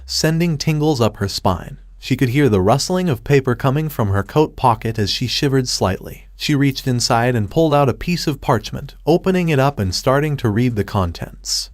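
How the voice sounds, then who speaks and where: A man narrating a fan fiction story in a steady, even reading style. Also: mid-range voice, normal speed, few pauses, no echo, clean studio sound.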